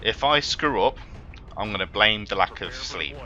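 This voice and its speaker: A man's voice: on the low side, expressive, moderate pace, sharp tone, highs cut off, soft background music. A man commentating his own strategy game run, swearing and prone to exasperated outbursts. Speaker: gaming let's player. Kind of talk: let's play commentary.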